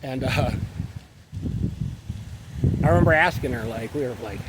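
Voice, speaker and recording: A man's voice: mid-range voice, a little slow. Profane, rambling man. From Western New York. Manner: profane, meandering, laid-back. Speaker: vlogger. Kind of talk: rambling personal storytelling. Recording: traffic noise behind.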